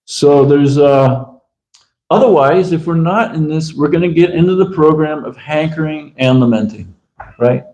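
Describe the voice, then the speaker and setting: A man's voice: fairly high pitch, a little mellow, echoey room, rough recording. A man giving a casual, conversational sermon as a visiting preacher, acting out bits of dialogue as he talks. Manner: conversational, acts out dialogue in quick asides. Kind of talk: informal sermon. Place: temple room.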